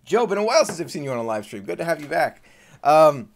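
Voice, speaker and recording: A man's voice: on the high side, big pitch swings, fast, vocal fry. A man hosting a live Q&A stream, greeting viewers by name in a friendly, chatty way. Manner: friendly, reads out viewer names and countdowns, gets choked up at times. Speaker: Disney vlogger hosting a live Q&A.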